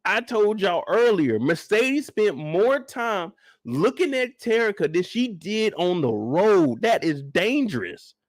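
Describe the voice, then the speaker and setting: A man hosting a live after-show stream, reacting to a TV episode in animated, joking, casual commentary aimed straight at his viewers. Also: high-pitched, slow pace, no echo, studio quality. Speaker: host reviewing a TV episode.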